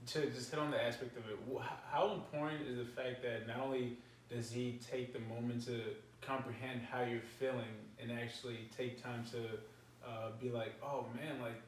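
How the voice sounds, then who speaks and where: A man's voice: medium pitch, flat delivery, normal speed. A male interview host asking earnest, rambling questions of a married couple. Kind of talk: casual interview conversation. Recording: very roomy echo, distant mic, faint noise.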